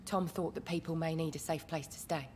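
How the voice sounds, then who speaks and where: An actress playing a kind, helpful young barmaid who talks politely and gently. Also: female voice, low voice, fairly even intonation, fairly quick, a little hiss or hum, lightly acted.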